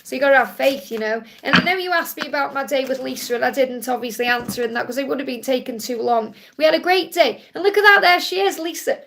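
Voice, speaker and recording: A woman's voice: sits high, fast, creaky, few pauses, a bit bright. A woman hosting a live tarot reading stream, answering viewers' questions in a reassuring, affectionate way and speaking to them directly. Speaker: tarot card reader and live stream host.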